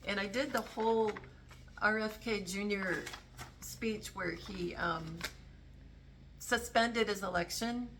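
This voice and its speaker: Gravelly woman rambling earnestly. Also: mid-range voice, steady tone, slow pace, pauses often, background noise. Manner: rambling, self-interrupting, earnest. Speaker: political commentary vlogger. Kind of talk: casual talk to camera.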